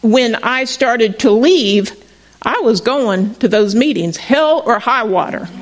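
Slow and animated, with a fairly high pitch, a middle-aged woman pastor preaches a sermon through conversational storytelling, often restarting her sentences. The recording is low quality.

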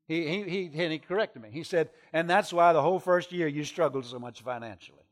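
A middle-aged man preaches a sermon, telling a story from the road. His voice sits a little high, and he swings from hushed confession to full-throated shouting. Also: a little fast. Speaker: traveling preacher.

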